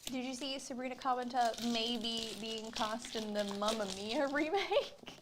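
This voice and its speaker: A woman's voice: fairly high pitch, measured pace. A woman hosting a livestream card break, chatting casually with a giggly manner and trailing off her thoughts. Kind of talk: casual chat. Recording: noisy room with pack crinkling. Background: crinkling of card packs.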